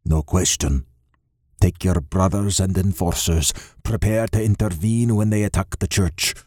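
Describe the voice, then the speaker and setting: Man voicing a gruff old Scottish clan father. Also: low voice, fairly even intonation, measured pace, a little mellow. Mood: gruff, commanding. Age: older. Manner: gruff, blunt, swearing.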